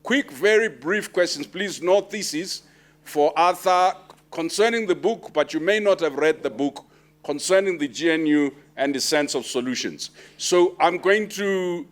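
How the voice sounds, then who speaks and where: A man chairing an audience Q&A at a book launch, brisk and bantering, pushing people to keep it short. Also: a little high. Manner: brisk, bantering, urging brevity. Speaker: moderator of audience questions. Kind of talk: chairing a Q&A session. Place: lecture hall with an audience.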